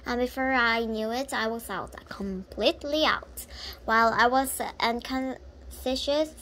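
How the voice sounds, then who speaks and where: A woman reads a children's book aloud and stumbles often, correcting herself mid-phrase. Her voice sits fairly high for a woman. A faint hum sits behind her. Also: a bit bright. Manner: halting, with frequent self-corrections. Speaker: reader.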